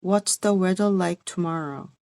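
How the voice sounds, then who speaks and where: A woman with a Korean accent practicing English sentences in halting, careful repetitions. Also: on the low side, creaky, darkish tone, no echo. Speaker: English teacher acting as a beginner learner. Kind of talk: pronunciation practice.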